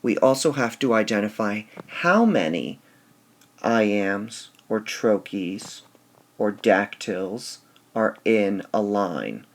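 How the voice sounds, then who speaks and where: A man teaching a recorded lesson, speaking slowly and deliberately and stressing syllables out loud as he explains. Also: fairly low pitch, expressive. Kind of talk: recorded lesson on poetic meter.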